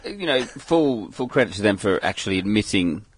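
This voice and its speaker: A man co-hosting a radio show, introducing segments and adding quick sarcastic remarks. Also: fairly low pitch, very animated, a little hiss or hum. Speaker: radio co-host. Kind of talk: casual radio banter.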